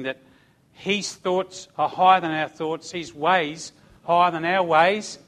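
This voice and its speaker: A man's voice: fairly high pitch, a bit bright. A middle-aged man telling a testimony in a sermon, emphatic and calling out amen and hallelujah. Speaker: church speaker giving testimony.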